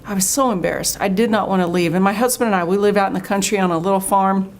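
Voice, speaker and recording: A middle-aged woman from Oklahoma, a state official answering interview questions in an earnest, storytelling way that turns animated when she quotes people. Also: medium pitch, quick pace.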